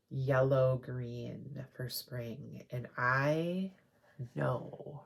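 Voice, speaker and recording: A woman hosting a crafting video, chatting casually and rambling excitedly as she shows off her haul. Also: rumbling low, vocal fry. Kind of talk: casual show-and-tell haul.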